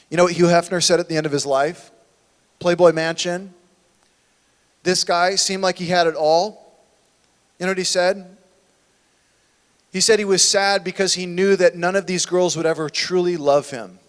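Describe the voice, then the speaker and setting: A man's voice: sits high, moderate pace, long pauses, big-room sound. A man preaching a sermon as a church pastor, conversational and full of rhetorical questions. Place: church sanctuary.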